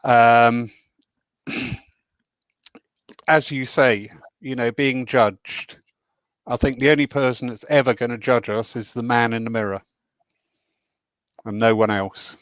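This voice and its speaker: A man's voice: medium pitch, steady tone, slow pace, pauses often, fairly bright tone, smooth, no echo. Earnest chatty man hosting, dry sound. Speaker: host. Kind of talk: casual spiritual discussion.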